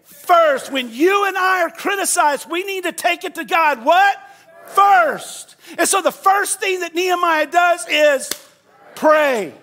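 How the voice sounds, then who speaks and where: High-voiced man preaching with fiery energy. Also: a little slow. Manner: builds from quiet storytelling to loud, shouted preaching; leads the congregation in repeating phrases. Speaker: pastor. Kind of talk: sermon with call-and-response.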